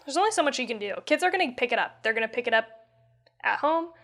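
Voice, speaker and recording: Woman co-host, higher voice, loose storyteller, curses easily. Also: expressive, a bit bright. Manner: storytelling, swears freely, quick bursts. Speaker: podcast co-host. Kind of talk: casual chat.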